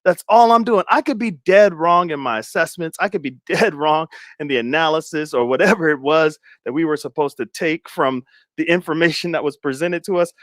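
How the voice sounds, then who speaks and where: A man's voice: on the high side, a little fast, no echo, studio quality. A man giving casual, rambling commentary to his viewers, laughing often and speculating. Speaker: commentary streamer.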